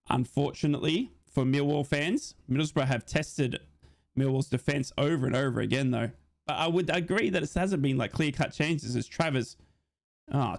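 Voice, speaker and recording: A man giving excitable live football commentary during a watch-along, his voice jumping high in big moments as he reads out and answers viewer comments. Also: gravelly. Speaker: football fan commentator and streamer.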